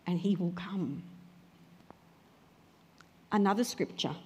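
A woman preaching a sermon, talking conversationally and then crying out loudly when she quotes prayers. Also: lowish voice, measured pace, pauses often, husky. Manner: conversational preaching, rising to loud cries when quoting prayers. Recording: long hall reverb.

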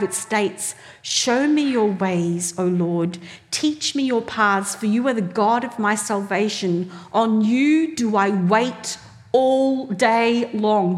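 A woman preaching a sermon, telling stories animatedly and acting out the voices she quotes. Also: mid-range voice. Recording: long hall reverb.

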